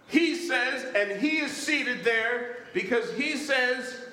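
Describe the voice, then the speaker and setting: Man, preacher, sermon, call-and-response, bright tone, echoey church hall. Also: very high-pitched, slow pace. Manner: emphatic call-and-response with the congregation.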